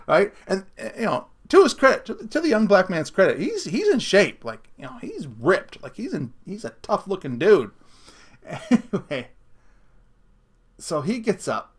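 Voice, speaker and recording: A man rambles through a casual solo rant, breaking into laughter and restarting his sentences. His voice sits a little high and comes across bright and forceful. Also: husky. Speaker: podcast host.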